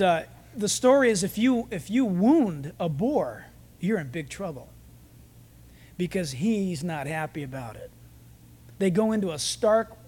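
A man's voice: sits high, a little mellow. A male pastor giving a sermon, telling stories and jokes in a conversational way.

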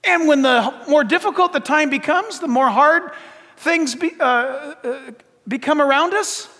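High, animated pastor preaching in a reverberant hall. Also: male voice, measured pace. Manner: animated, acts out little dialogues, rising to shouts. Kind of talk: sermon. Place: church sanctuary. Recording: long reverb of a church hall.

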